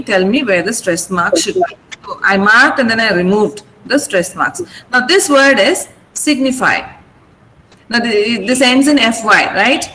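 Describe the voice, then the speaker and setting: A woman's voice: medium pitch, fairly bright tone, big-room sound, a little hiss or hum, low-quality recording. A woman teaching an online vocabulary class over a video call, patiently repeating words to drill the stress.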